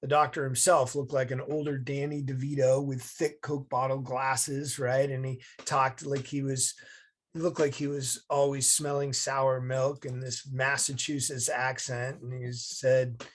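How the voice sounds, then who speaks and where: Man, vivid storytelling guest, lively and punchy, over a video call. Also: medium pitch, unhurried. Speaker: guest, leadership advisor and former Navy SEAL. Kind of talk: storytelling interview answer.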